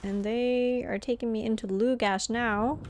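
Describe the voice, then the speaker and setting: Slow, giggly woman streamer. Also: fairly high pitch, steady tone, background noise. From Norway. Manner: chatty, giggly, laughs often. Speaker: game streamer. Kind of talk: casual live-stream chat while playing.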